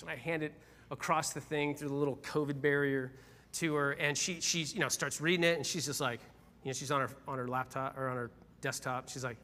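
A middle-aged pastor tells a personal story during a conversational sermon, often turning aside to address the congregation. His voice sits on the high side and sounds pushed and bright, with long reverb from the hall.

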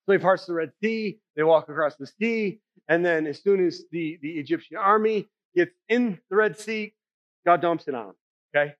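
A man's voice: sits high, moderate pace, dull audio. A male pastor preaching a sermon in a conversational way, often checking in with the congregation with "right?" and "okay?".

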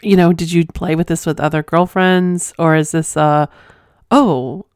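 A woman's voice: deep voice, level tone, moderate pace, a little mellow, clean tone, no room sound, studio quality. A woman hosting her own podcast from home, chatting casually and frankly, playful and laughing often. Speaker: podcast host reading listener confessions. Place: at home under blankets.

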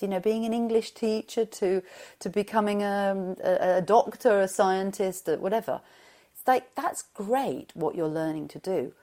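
A woman, a mindfulness teacher, answering interview questions in a chatty, expressive way and telling anecdotes. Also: medium pitch.

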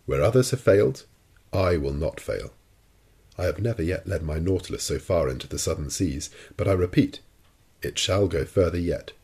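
A man's voice: deep voice, expressive, moderate pace, warm tone, breathy edge, full character voice. A man reading a cold, commanding sea captain. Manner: ironic and cold, unshakably confident. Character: cool, proud, commanding male sea captain. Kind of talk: audiobook character reading.

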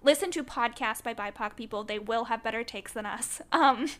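A woman's voice: fairly high pitch, normal speed, a bit bright. A woman co-hosting a podcast in casual discussion, talking in an earnest, opinionated way with frequent "like" fillers. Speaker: podcast co-host.

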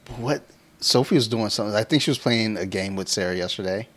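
A man's voice: fairly low pitch, fast. A man in his thirties co-hosting a podcast, telling loose, profane stories in casual chat and laughing often. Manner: laughs often while talking. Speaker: podcast co-host.

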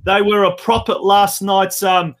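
A man's voice: high-pitched, flat delivery, measured pace, a little hiss or hum. A man hosting a football show in a chatty manner, full of fillers and restarts. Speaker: host.

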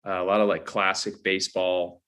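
A man's voice: low voice, flat delivery, brisk, fairly bright tone, clear, resonant tone. A man from Southern California, a songwriter guest, talking easygoing with many fillers. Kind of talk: casual interview chat.

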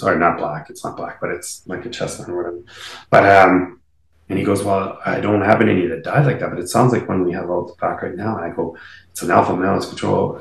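Deep gravelly man telling stories. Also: roomy sound, low-quality recording. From Canada. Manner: rambling, many fillers and restarts. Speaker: medium, interview guest. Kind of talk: casual storytelling.

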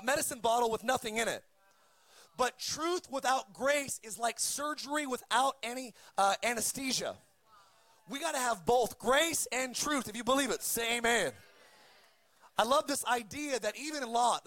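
A man delivering an energetic sermon in an unusually high voice. He calls for amens and rises into shouted peaks on his key lines. The sound is dry, with no room around it. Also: no room sound. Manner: emphatic preaching with amen calls and shouted peaks. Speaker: pastor.

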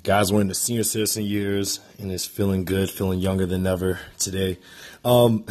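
A man's voice: sits low, darkish tone. A young man hosting his own audio log, talking casually and loosely with lots of filler words about keeping a positive attitude. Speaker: podcast host.

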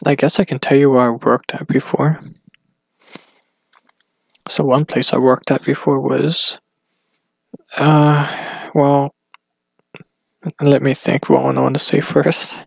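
A man talking alone on his podcast in a rambling, casual way, halting often and restarting his sentences. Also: medium pitch, little pitch movement, creaky, no room sound. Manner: hesitant, halting, full of restarts and fillers. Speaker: solo podcaster. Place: at home.

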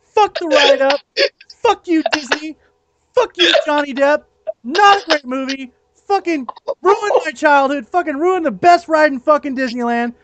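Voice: high-pitched, a little slow, a bit bright, muffled recording, a little hiss or hum. A podcast co-host giving blunt, profane, heated interjections in casual banter.

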